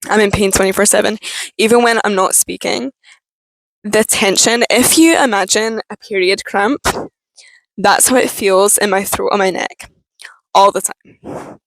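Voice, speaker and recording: A young woman with a Scottish accent, talking frankly and haltingly in a personal vlog. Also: mid-range voice, steady tone, no echo, low-quality recording. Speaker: vlogger.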